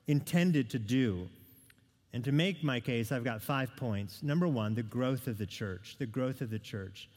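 A man preaching a sermon, talking his listeners through a Bible passage in a conversational way, with asides, questions and restarts. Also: on the high side. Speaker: pastor. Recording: long reverb of a church hall.

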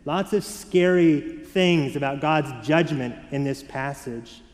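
Pastor, male, fairly high voice, sermon delivery with expressive soft-to-lively shifts, church room with long reverb. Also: slow pace. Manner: varied and expressive, dropping soft for emphasis, rising for children. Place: church sanctuary.

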